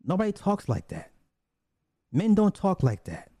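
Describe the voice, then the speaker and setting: A man rants profanely in casual commentary, blunt and prone to repeating himself and restarting lines. His dark, mellow voice sits high with wildly swooping pitch, a breathy edge, and a slightly slow pace, recorded close and dry with no room sound.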